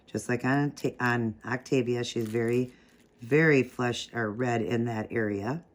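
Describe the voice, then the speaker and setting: A man's voice: fairly low pitch, slight background noise. A man hosting a casual step-by-step craft tutorial, chatting while he works and correcting his own slips of the tongue.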